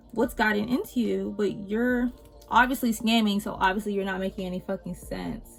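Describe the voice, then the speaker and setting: A young woman vlogger telling a storytime while doing her makeup, animated and swearing freely, swinging between loud exasperation and low muttered asides. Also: normal speed, vocal fry, faint music behind.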